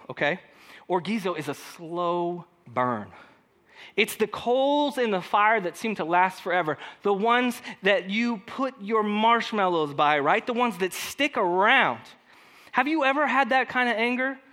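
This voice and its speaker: Male pastor, lively high voice, casual conversational preaching. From California. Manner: conversational, animated, acts out quoted voices. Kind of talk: sermon.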